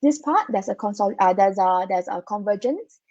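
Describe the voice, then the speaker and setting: A woman's voice: mid-range voice, lively intonation, normal speed, darkish tone, dry recording, muffled recording. A slightly groggy woman co-hosting a live stock-market stream, chatting casually and tagging her sentences with "right?". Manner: chatty, tags sentences with "right?", many fillers.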